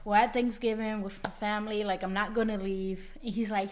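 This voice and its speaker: A woman telling how she met her husband, animated and excited, acting out her own reactions. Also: mid-range voice, brisk, a little hiss or hum. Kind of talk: casual storytelling.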